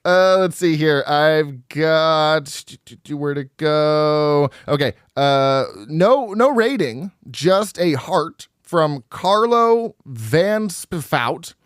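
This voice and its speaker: A podcast co-host talking casually about films, his voice lively and full of ups and downs. He laughs easily and reads reviews with relish. The sound is dry and close to the mic. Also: a little high, slow pace, few pauses, smooth, no echo. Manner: animated, laughs often, reads reviews aloud. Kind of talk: casual chat.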